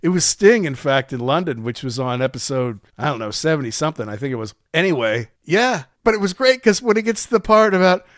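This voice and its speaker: A man's voice: on the high side, brisk, hardly any pauses, no room sound, clean studio sound. A man co-hosting a rock podcast, telling concert stories in casual chat, acting out quotes and laughing often. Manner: animated storyteller who acts out quotes and laughs often. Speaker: podcast co-host.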